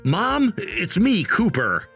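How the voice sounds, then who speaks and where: A man's voice: high voice, huge pitch swings, slow, gravelly, a bit bright, husky, soft background music, exaggerated voice. A man playing a cold, calculating grown son. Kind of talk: voiced story narration drama.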